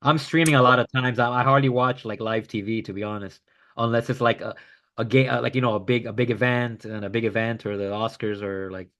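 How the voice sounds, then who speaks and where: A man's voice: mid-range voice, steady tone, a little fast, a bit bright. A man co-hosting a podcast in casual chat, skeptical, often trailing off and mumbling. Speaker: podcast co-host.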